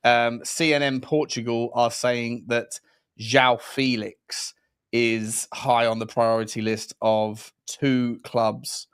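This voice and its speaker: A man's voice: medium pitch, flat delivery, slow pace, fairly bright tone, clean tone, no room sound. Male co-host, dry close mic, loose rambling delivery, calls people mate. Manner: rambling, restarts, addresses viewers and co-host as mate. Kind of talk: casual football chat.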